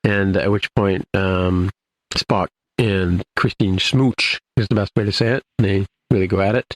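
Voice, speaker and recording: A man's voice: low voice, fairly even intonation, measured pace. A man co-hosting a podcast, casually recapping an episode in a rambling way, full of restarts and "you know". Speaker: podcast co-host.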